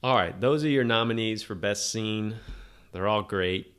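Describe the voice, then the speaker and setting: A man's voice: lowish voice, unhurried, over music. A man hosting a podcast, giving a rambling, sarcastic, opinionated movie review in a casual monologue. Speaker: podcast host.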